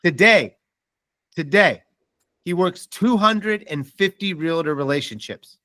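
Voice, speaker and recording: A man leads a mortgage sales seminar in a slightly high voice. He tells animated stories and acts out the lines of the people in them. The sound is dry and close, with no room echo. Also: unhurried. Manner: animated storytelling with quoted dialogue. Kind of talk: motivational seminar talk.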